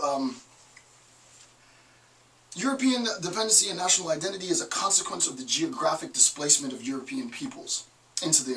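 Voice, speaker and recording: A man's voice: fairly high pitch, bright, forceful tone, distant mic, rough recording. A middle-aged man giving a recorded online lecture, full of digressions and joking asides. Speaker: college lecturer.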